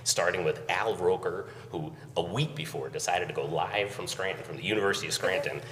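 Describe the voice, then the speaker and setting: A man's voice: low-pitched, a little fast, fairly bright tone, recorded from a distance, a little hiss or hum. A man, an event organizer, telling a story casually at a conference, chuckling as he recounts it. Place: conference hall. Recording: echoey hall, voice from afar.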